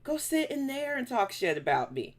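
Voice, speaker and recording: A woman's voice: on the high side, big pitch swings, normal speed. A woman hosting a casual live stream, reacting to videos and bluntly scolding trolls in her chat.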